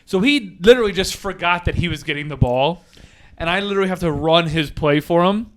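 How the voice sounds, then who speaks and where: A man hosting a podcast, telling a lively story in casual chat and laughing often. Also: high-pitched, brisk, slight background noise. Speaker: podcast host.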